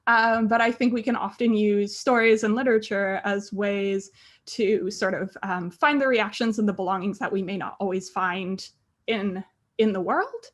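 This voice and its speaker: A woman's voice: medium pitch, moderate pace. A woman in her thirties on a book panel, speaking hesitantly with many fillers, her voice breaking with emotion. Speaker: graphic novel author on a panel. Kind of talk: panel discussion.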